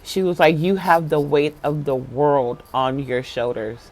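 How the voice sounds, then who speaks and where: A spiritual vlogger casually telling viewers a story, swinging from hushed talk to loud, laughing bursts, with lots of "like" and casual swearing. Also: mid-range voice, steady tone, unhurried. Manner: filler-heavy, lots of "like".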